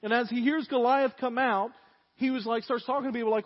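A man's voice: extremely high pitch, steady tone, quick pace, long reverb tail, muffled recording. A male pastor preaching a sermon to his congregation in a folksy, conversational way, with asides to the listeners. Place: church sanctuary.

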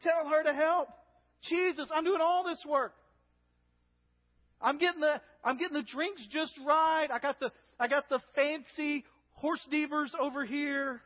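A man's voice: very high voice, little pitch movement, a little slow, few pauses, pitched above the performer's own voice. A preacher voicing a frazzled, put-upon woman hostess who whines and pleads with urgency. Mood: pleading urgency. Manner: whiny, urgent, complaining. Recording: dull lo-fi with long hall reverb.

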